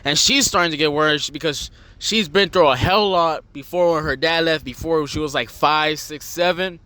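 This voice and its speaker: A young podcast host with a slightly high voice, sharp tone, and moderate pace tells a long story in casual, rambling fashion. He swears often and acts out voices, and the recording is dry.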